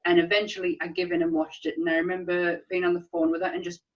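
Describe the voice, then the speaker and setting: A woman's voice: on the low side, little pitch movement, quick pace. A woman, co-hosting a casual film chat, talking enthusiastically and laughing often. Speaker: podcast co-host. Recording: slightly distant, dull sound.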